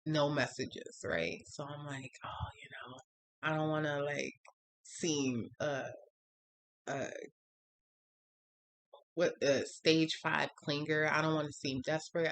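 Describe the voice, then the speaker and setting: A woman in a candid storytime monologue, speaking slowly and lingering on her words. Her voice sits on the low side for a woman, and she wanders through fillers and asides. When she quotes others, her pitch leaps up. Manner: candid, rambling, full of fillers, quotes people in a higher voice. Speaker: vlogger.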